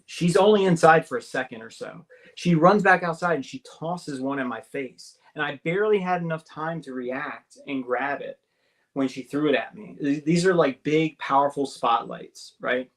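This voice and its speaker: A man with a somewhat high voice tells a personal story as a guest on a talk radio show. He talks excitedly, with constant fillers and tag questions, and his pitch leaps up whenever he acts out what someone said. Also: moderate pace. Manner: acts out the quoted voices, jumping higher for them. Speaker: guest recounting an abduction experience. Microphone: call-in or studio mic on a talk radio show.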